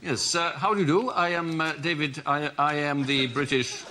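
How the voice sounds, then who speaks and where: A man's voice: a little high, fairly even intonation, normal speed, natural voice. A man doing an impression of a bumbling, flustered posh British prime minister in a comedy sketch, rambling politely, in a noisy recording.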